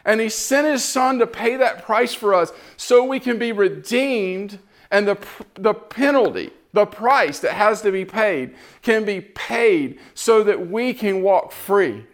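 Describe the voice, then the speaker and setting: A man's voice: sits high, animated, slow. A man giving an impassioned, earnest sermon testimony, repeating phrases as he builds.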